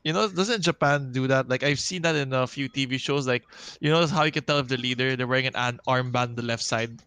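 A young man on a casual podcast who asks curious questions and jokes around, laughing easily. His delivery is relaxed and conversational. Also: mid-range voice, clean tone. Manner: playful, curious, quick to laugh. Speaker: podcast co-host. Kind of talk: casual chat.

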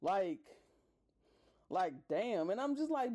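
A woman's voice: fairly high pitch, sing-song, unhurried, warm tone. A woman hosting a podcast, ranting casually and profanely with exasperated bursts of laughter. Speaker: podcast host.

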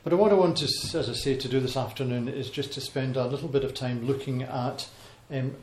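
A man giving an informal Bible talk to a congregation, pausing often with ums and restarting his sentences. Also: mid-range voice, a little mellow. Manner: hesitant, many ums and restarts. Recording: echoey hall with faint noise.

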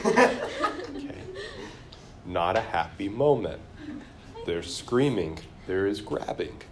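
Male Bible study teacher, low-pitched, quizzes his class, faint background noise. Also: animated, takes it slowly, pauses often. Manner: questions the class and reads scripture aloud.

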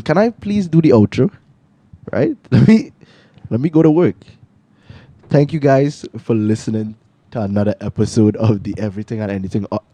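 A man's voice: medium pitch, warm tone, no echo. A man hosting a podcast, joking around in slangy casual chat and laughing often. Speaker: podcast host. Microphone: headphone headset.

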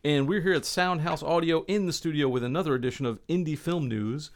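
A man's voice: mid-range voice, creaky. A man hosting a studio podcast, reading news items in a casual, upbeat, joking way. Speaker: podcast host. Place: recording studio.

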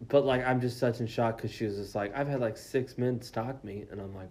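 A man's voice: mid-range voice, steady tone, brisk, few pauses, a little mellow, a little hiss or hum. A young man co-hosting a casual podcast, telling a story with lots of swearing and acted-out quotes. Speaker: podcast co-host.

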